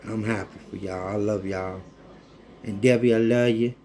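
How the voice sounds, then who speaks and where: A man, talking casually and warmly to viewers in a rambling cooking vlog from his home kitchen. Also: on the low side, steady tone, moderate pace, slight background noise. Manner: heartfelt, rambling, addresses viewers as folks. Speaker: cooking vlogger.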